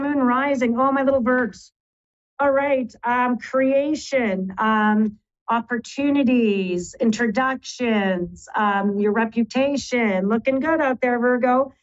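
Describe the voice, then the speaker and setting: A woman psychic astrologer runs through a live horoscope forecast sign by sign. She talks in a chatty, affectionate way and strings together quick lists of keywords. Her voice sits a bit high, and the broadcast audio is dull and lo-fi.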